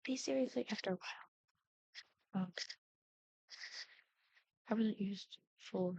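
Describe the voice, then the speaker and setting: A woman's voice: medium pitch, flat delivery, slow pace, warm tone, no room sound. A young woman YouTuber chatting casually over gameplay, rambling with frequent ums. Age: young adult. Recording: dull lo-fi dry sound.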